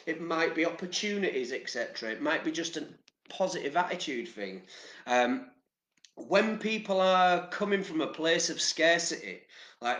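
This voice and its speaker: A man's voice: a little high, expressive, moderate pace, a bit bright. Chatty English man in a roomy space. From England. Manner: chatty, rambling, swears casually. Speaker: vlogger. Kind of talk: casual motivational talk to camera.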